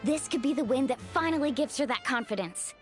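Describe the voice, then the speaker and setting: Over game music, a woman with a high-pitched voice and lively intonation speaks a little fast. She voices a young woman warrior in a video game who sounds confident, encouraging, and breezy.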